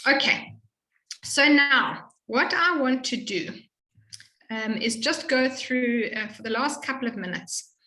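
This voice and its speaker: A woman tutoring a student in Hebrew reading, explaining patiently and slowly modeling each sound. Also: high-pitched, lively intonation, bright, forceful tone, reverberant, poor audio. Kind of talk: one-on-one reading lesson.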